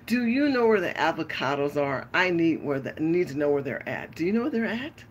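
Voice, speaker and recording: A woman's voice: low voice, big pitch swings, fairly quick, slight background noise. A woman voicing a sweet, prim, overly polite young woman with sugary, exaggerated manners.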